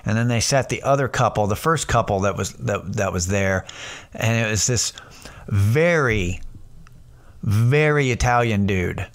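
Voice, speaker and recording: A man's voice: lowish voice, measured pace. A man hosting a casual solo podcast, telling rambling, profane stories with lots of restarts. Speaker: podcast host.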